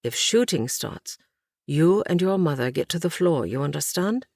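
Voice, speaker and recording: Casting: woman reading a steady protective man, low and unhurried, dry close sound. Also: gravelly, no echo, exaggerated voice. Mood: tense. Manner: firm, low-key instructions. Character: steady, protective grown man, calm under pressure.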